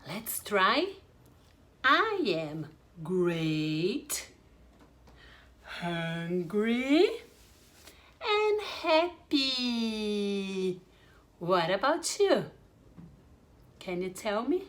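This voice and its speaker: A young woman teaching English to small children online in a slow, sing-song, animated way. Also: mid-range voice. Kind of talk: online kids' English lesson.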